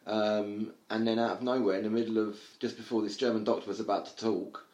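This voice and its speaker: Brief: male podcast host, low-pitched, rapid, in an echoey room. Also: lo-fi sound. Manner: quick, animated storytelling with repeated restarts. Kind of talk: casual chat.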